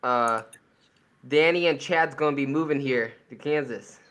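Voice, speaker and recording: A man's voice: mid-range voice, measured pace, a bit bright. A man in a casual podcast chat, teasing the others and laughing often.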